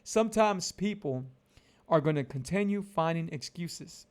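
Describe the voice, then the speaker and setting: A man's voice: a little high, animated, measured pace. A man in his forties vlogging casually about his diet, emphatic and preachy, repeating his points over and over. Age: 40s. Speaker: keto lifestyle vlogger. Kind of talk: casual motivational vlog talk.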